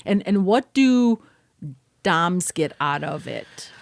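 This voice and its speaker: A woman's voice: fairly low pitch, expressive, slow, creaky, dry recording, studio quality. A woman hosting a podcast, asking short, curious follow-up questions in a casual chat. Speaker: podcast host.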